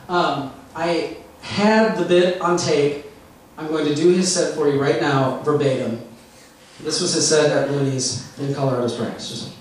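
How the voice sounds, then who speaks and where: A male stand-up comedian with a fairly high voice tells stories in a wry, conversational way. He sounds distant, and the club echo is heavy, with faint room noise behind him. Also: steady tone, measured pace. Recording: echoey club recorded from far off.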